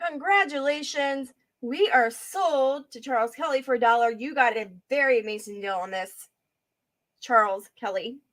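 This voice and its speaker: A woman's voice: high voice, normal speed, fairly bright tone. A woman hosting a casual live-stream auction, chatting with viewers by name while she looks over items and counts down sales.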